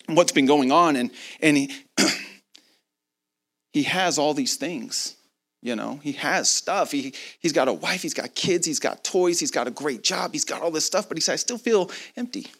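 A man preaching a sermon, telling a story in an animated way and acting out both sides of the conversation, with laughs along the way. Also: on the high side, measured pace, creaky.

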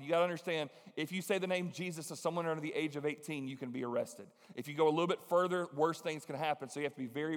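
A man preaching a sermon, telling a story with lively acted-out voices. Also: on the high side, big-room sound. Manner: animated storytelling, acts out voices.

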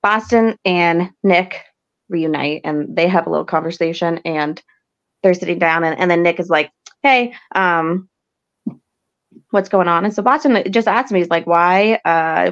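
A woman's voice: fairly low pitch, lo-fi sound. A woman hosting a podcast, recapping an episode in a chatty, rambling way full of fillers. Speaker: podcast host.

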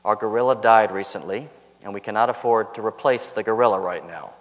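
A man's voice: fairly low pitch, a little fast, in a large hall, close to an everyday voice. A preacher voicing a blunt male zookeeper. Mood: candid. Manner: blunt, matter-of-fact. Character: frank male zookeeper, plain-spoken.

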